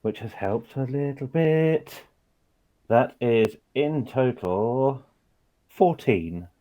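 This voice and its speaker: A man describes his character's moves in a tabletop game, speaking slowly and deliberately at a middling pitch. He clears his throat now and then between phrases. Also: expressive, narrow, tinny audio. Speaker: player.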